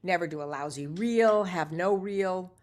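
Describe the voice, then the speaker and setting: A middle-aged actress telling lively anecdotes as a guest, acting out the dialogue she quotes. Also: lowish voice, unhurried. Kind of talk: casual interview storytelling.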